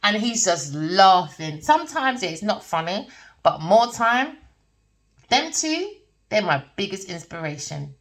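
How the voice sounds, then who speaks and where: A woman with talks through a tarot reading, her pitch leaping around in a lively, sing-song way. She rambles and preaches in a blunt, casual manner, swears freely, and keeps checking whether you understand. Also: measured pace. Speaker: tarot reader. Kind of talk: casual spiritual monologue.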